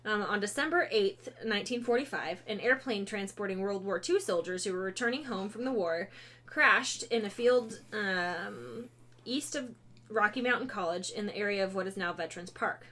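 A woman's voice: medium pitch, moderate pace, pushed and bright. Woman reading ghost stories, filler-heavy. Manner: reads aloud with many fillers and self-corrections, breaks off to laugh and joke. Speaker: podcast host. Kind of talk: casual chat, reading ghost stories aloud.

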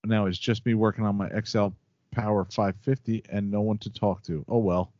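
Low-ish guy chatting on his podcast, kinda hesitant, dead dry muffled sound. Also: moderate pace, dry recording. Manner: relaxed, chatty, hesitant fillers. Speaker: podcast host. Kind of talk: casual podcast chat, reading listener comments.

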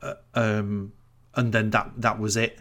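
A man's voice: on the low side, flat delivery, unhurried, a bit bright. A man recapping a TV episode in casual podcast chat, incredulous and sweary as he rants about its plot holes. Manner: incredulous, ranting storyteller, sweary.

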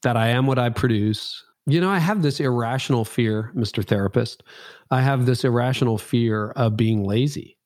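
A man in his fifties talks openly as an interview guest, reflective and a little self-mocking. His voice sits at an ordinary middle pitch. The recording is dry and close, with no room sound. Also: moderate pace, a little mellow, no room sound. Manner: reflective, frank, self-deprecating storytelling. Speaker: pastor and guest. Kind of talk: candid interview conversation.

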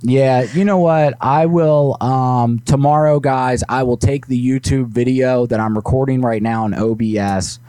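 A man's voice: mid-range voice, fairly even intonation, unhurried, hardly any pauses, mellow, clear, resonant tone, dry recording. Man hosting a crude live comedy show. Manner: loose, crude, joking banter. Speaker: host.

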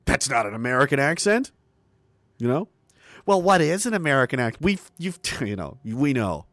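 A middle-aged man from Canada launches into a combative, profane rant. His tone is mocking and defiant. His voice sits at an ordinary pitch and sounds dry and close, with no room echo. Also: big pitch swings, normal speed, a bit bright. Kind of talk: ranting monologue.

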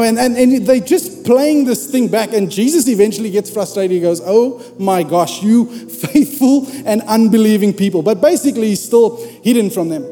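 High-voiced, mellow male preacher. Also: big-room sound. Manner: conversational, humorous, addresses the congregation directly. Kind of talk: sermon.

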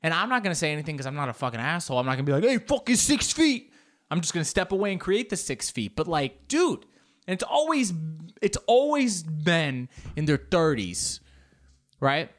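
A young man delivering a profane, animated comic monologue, acting out bits in high put-on voices. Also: brisk. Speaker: comedian. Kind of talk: stand-up style comic monologue.

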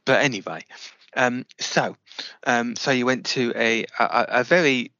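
A man's voice: mid-range voice, measured pace, pushed and bright, dry recording, muffled recording. A British man interviewing a guest, hesitant and stammering, cracking jokes in an improvised comedy chat.

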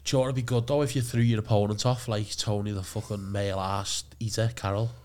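A man's voice: lowish voice, fairly even intonation, fast talker, darkish tone. A man hosting a podcast, joking crudely in laid-back casual banter. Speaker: podcast host. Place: podcast studio.

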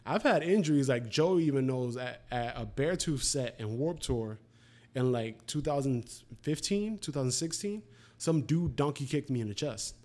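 A man's voice: medium pitch, moderate pace. A man in his twenties chatting casually, telling profane stories and acting out the quotes. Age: 20s. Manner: profane, animated storytelling with acted-out quotes. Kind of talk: casual chat.

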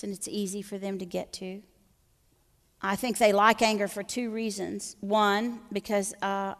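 A woman's voice: mid-range voice, in a large hall. A woman teaching a live workshop in a folksy, teasing, joking way.

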